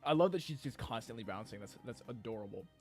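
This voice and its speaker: Man, let's play host, fast, lively pitch, casual wry asides, faint music. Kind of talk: casual gameplay commentary.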